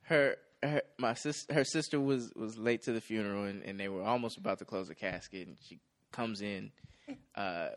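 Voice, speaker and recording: A man's voice: fairly low pitch, moderate pace. A man co-hosting a podcast, telling a family story casually with some laughter. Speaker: podcast co-host. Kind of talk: casual chat.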